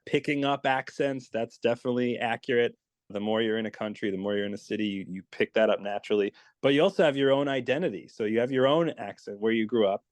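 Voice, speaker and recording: A man's voice: medium pitch, fast talker, no room sound. A man with a mid-range voice explains accents as a dialect coach, eager and easy to follow. The sound is close and dry, with no room around it. He talks like a guest chatting on a show. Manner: enthusiastic, explanatory. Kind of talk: casual interview chat.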